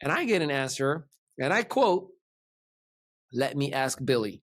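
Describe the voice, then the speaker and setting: Hosting a podcast, a man tells a lengthy, casual story and animatedly performs the voices of its characters. He has a mid-range voice and speaks a little slowly, recorded in clean studio sound with no room sound.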